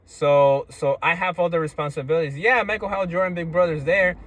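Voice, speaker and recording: A man's voice: fairly high pitch, fairly even intonation, brisk, fairly bright tone. A man talking in a casual, rambling monologue, stammering through restarts and tagging lines with "right?" and "you see?".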